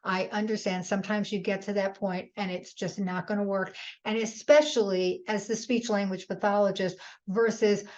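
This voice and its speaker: A woman's voice: medium pitch, a little mellow. Woman presenter answering webinar questions, earnest, restarts a lot, kinda muffled audio. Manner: earnest, advising, many restarts.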